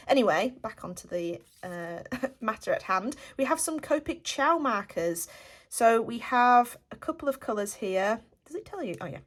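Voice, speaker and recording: Woman, casual art-unboxing vlogger, chatty and upbeat, mid-pitched. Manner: chatty, enthusiastic, often says "very nice". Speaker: art supply reviewer.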